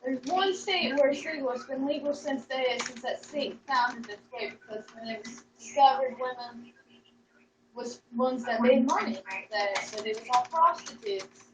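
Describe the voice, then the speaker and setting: A woman's voice: high voice, moderate pace, background noise. A young woman chatting casually on a livestream, rambling, joking and swearing freely. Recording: echoey room, distant mic, dull sound.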